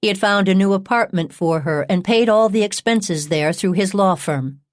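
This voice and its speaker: A woman reading a true-crime audiobook in a measured, even narration on a close studio mic. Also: mid-range voice, dry recording.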